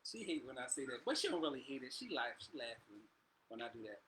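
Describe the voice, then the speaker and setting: A man's voice: mid-range voice, sing-song, quick pace, fairly bright tone, slight background noise. A man co-hosting a casual live chat, talking in an emphatic, slangy, argumentative way. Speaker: co-host of a live show.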